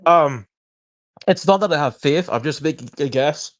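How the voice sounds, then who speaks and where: A man's voice: fairly high pitch, expressive, normal speed. A man co-hosting a podcast in casual chat, speaking hesitantly and mildly with many restarts. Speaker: podcast co-host.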